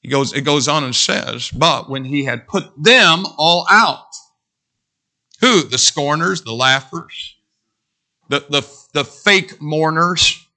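Gravelly, animated male preacher. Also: on the high side, slow pace. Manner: animated, preaching with whoops and asides. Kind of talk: sermon.

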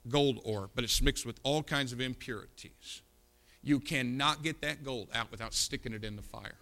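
A fiery sermon fills a church auditorium as a middle-aged male pastor scolds bluntly, veering from loud shouts to low asides.

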